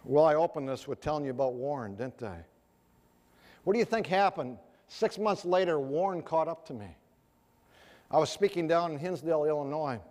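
A man's voice: on the high side, normal speed, darkish tone. A man preaching a sermon earnestly, asking the audience rhetorical questions. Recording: echoey hall reverb.

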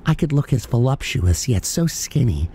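A man calling in to a radio show, earnest and deadpan. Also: medium pitch, normal speed, breathy edge. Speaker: caller. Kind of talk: mock radio call-in.

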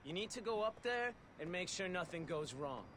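A man's voice: high voice, animated, normal speed. A man playing a brash, cocky gangster in a video game. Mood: confident. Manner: cocky, persuasive. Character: brash Irish-American male gangster. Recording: game audio over street crowd noise.

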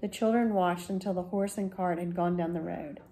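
A woman, a school librarian, reading a children's book aloud slowly and gently. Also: fairly low pitch, fairly even intonation. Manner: slow, gentle storytelling.

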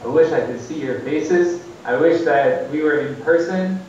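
A man's voice: moderate pace, a little mellow. A man giving an earnest, exhorting sermon over a video call, lifting his voice to stress key points. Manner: earnest, exhorting, with rises for emphasis. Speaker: preacher. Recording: echoey, distant, muffled call audio with faint rumble.

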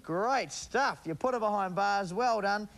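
A man's voice: sits high, measured pace, creaky, a bit bright. A man hosting a game show, cheering and urging a contestant on. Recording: TV studio with audience and music.

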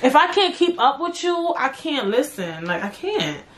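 Young woman, podcast host: blunt, profane, animated solo rant, voice a bit high. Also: moderate pace.

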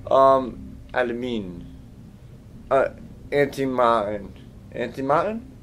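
A young man doing live gameplay commentary, swinging from mumbling to profane, mock-dramatic yelling. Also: medium pitch, slow pace, pauses often, a little hiss or hum.

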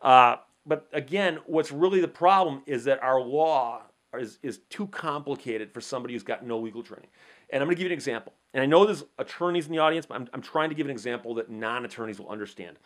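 A legal commentator talks to camera in a conversational, explanatory monologue, posing rhetorical questions and acting out brief courtroom exchanges. His voice is medium-pitched, expressive and fairly bright, and he talks fast.

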